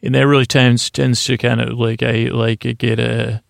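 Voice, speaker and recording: A man with a heavily gravelly, fry-laden voice that stays flat and low-key as he drones through a meandering recap. He rambles, restarts and pads his sentences with fillers in an unhurried bedtime style. The sound is dry and close, with no room around it. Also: dry recording. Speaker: podcast host. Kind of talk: sleepy episode recap.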